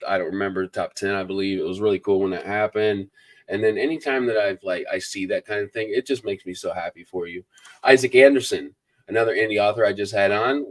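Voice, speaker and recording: Host, male, low-pitched, rambling and friendly-casual, reads chat comments on a live stream. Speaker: book review channel host.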